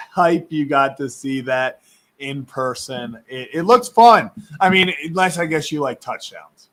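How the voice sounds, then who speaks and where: A man's voice: mid-range voice, lively intonation, measured pace, a bit bright. A man hosting a casual live sports stream, chatty and rambling, laughing often, who says his voice is going.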